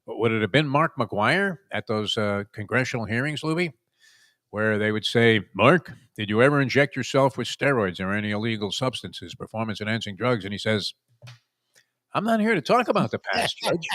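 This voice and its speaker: A man with a fairly low voice hosts a casual sports talk show. He rambles through wisecracking stories, full of "uh"s and tangents. The sound is dry and close to the mic. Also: moderate pace, a bit bright, no room sound. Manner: wisecracking, rambling storyteller with frequent "uh"s.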